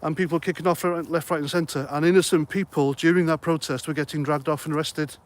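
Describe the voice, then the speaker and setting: A slightly breathless middle-aged man runs a casual livestream, going through comments with rambling jokes. His voice is a little high, his intonation fairly even, and his pace quick.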